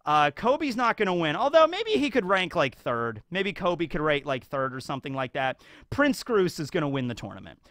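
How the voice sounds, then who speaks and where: A man's voice: fairly high pitch, moderate pace, hardly any pauses, dry recording, studio quality. A man giving casual, rambling fan commentary as a YouTube commentator, full of fillers. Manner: rambling, filler-heavy, animated.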